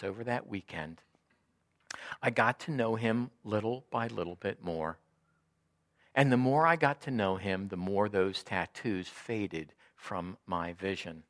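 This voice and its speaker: Animated male preacher telling a story. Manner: storytelling, addresses listeners as friends; acts out quoted lines with shifting pitch and loudness. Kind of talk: sermon.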